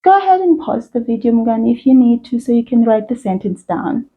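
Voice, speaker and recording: Kids' teacher lady, real lively sing-songy voice, super encouraging, kinda lo-fi sound. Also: fairly high pitch. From South Africa. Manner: encouraging, sing-song, slow and clear. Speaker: language teacher for kids. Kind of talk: children's language lesson.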